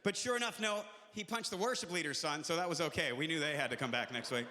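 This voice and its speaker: A man doing live stand-up comedy, telling stories in a high, bright and lively voice. He jumps into loud character voices along the way. The long reverb of the hall carries behind him. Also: fast talker, slight background noise. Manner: animated storytelling, jumping into shouted character voices. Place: live venue with audience.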